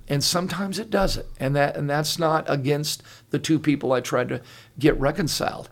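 A man's voice: fairly high pitch, gravelly. Earnest older man, podcast host. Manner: earnest and animated storyteller with frequent restarts. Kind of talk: casual podcast conversation.

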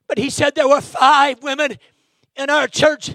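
A man preaching an impassioned sermon in a church, breaking into shouts and dropping "amen" between lines. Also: very high-pitched, little pitch movement, a little slow, no room sound, studio quality. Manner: fervent, bursts into shouting, peppers lines with "amen". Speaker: guest preacher. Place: church sanctuary.

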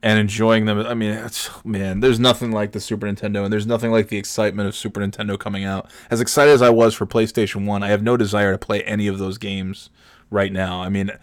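A man casually telling a funny personal story, animated and swearing freely, acting out what people said. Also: fairly low pitch, quick pace, no echo, clean studio sound. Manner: animated, swears freely, acts out quotes with big shouts.

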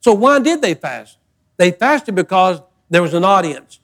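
A man's voice: high-pitched, very animated, a little slow. An older man preaching a sermon as pastor, folksy and emphatic, with repeated phrases.

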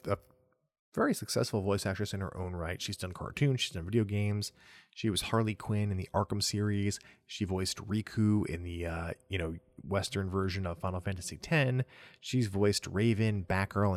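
A low-voiced young man talks through gaming news alone on his podcast. His delivery is loose and chatty, full of restarts and self-amused asides. The sound is close and dry, with no room around it. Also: normal speed, no room sound. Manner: relaxed and chatty, trails off and restarts, chuckles at himself. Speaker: podcast host. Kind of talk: solo casual gaming news chat.

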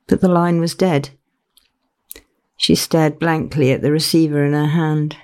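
A woman narrating her own novel in a measured, unhurried reading. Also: low-pitched, fairly even intonation, a little mellow. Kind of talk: audiobook narration.

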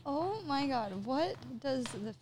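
A young woman co-hosting a podcast, playful and quick to laugh, acting out silly voices. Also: sits high, sing-song, very noisy. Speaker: podcast co-host. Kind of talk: casual chat.

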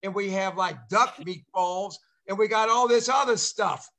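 A man's voice: sits high, moderate pace. Rambling older man hosting a call. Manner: rambling, excitable, many uh fillers. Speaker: show host, former ballplayer. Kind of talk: casual chat. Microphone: video call.

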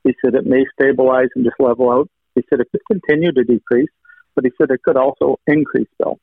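Over a thin, dry, phone-like line, a man tells his personal testimony with earnest feeling, thanking God as he goes. He recounts conversations line by line, piling up "he said" quotes. His mid-range voice is steady, quick, creaky and slightly rough, with no room sound.

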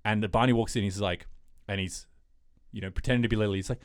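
A man's voice: fairly low pitch, fairly even intonation, fast talker, no echo, clean studio sound. A man co-hosting a podcast in a casual chat, rambling with lots of fillers as he retells TV scenes. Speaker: podcast co-host.

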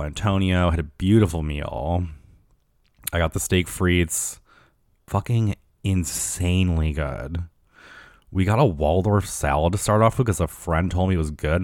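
A man's voice: deep voice, no room sound, studio quality. A young man hosting a solo podcast, rambling in casual chat full of fillers and swearing. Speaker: podcast host.

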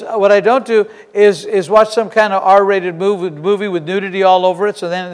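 Male pastor, high-pitched, animated storyteller; long church reverb. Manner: storytelling, animated, swings between loud and hushed. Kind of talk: sermon. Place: church sanctuary. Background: congregation shouting.

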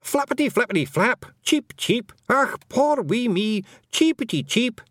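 A man voicing a tiny brash male fairy warrior with a Scottish accent, shrill and mocking as he fakes bird calls. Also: animated, measured pace, a bit bright, no echo, studio quality, full character voice. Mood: mock chirping.

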